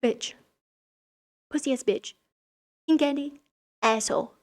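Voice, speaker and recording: In a school room, a young woman vlogger with a high-pitched voice speaks slowly. She gives a casual, sarcastic recap of a children's story and swears freely along the way.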